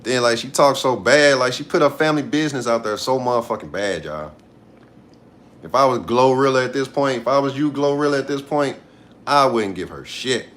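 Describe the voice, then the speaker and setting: A man's voice: medium pitch, a little fast, fairly bright tone. Blunt, profane man ranting on a livestream. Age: 30s. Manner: blunt, profane, repeats himself for emphasis. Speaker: live streamer. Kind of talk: casual livestream rant.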